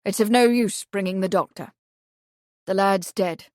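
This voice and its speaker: A woman voicing a sober, commanding upper-class gentleman in an audiobook. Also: mid-range voice, unhurried, no echo, clean studio sound, close to an everyday voice.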